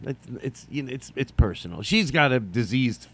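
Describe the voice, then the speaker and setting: A man hosting a solo comedy podcast, rambling through a story with jokey asides and quick mock voices. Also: mid-range voice, lively intonation, fairly bright tone, breathy edge.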